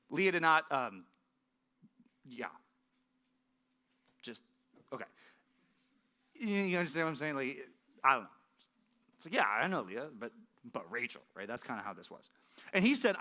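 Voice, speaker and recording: Man, pastor, sermon, bright forceful voice, slightly high, conversational and animated. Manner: conversational, animated, often asks the audience "right?" and "okay?".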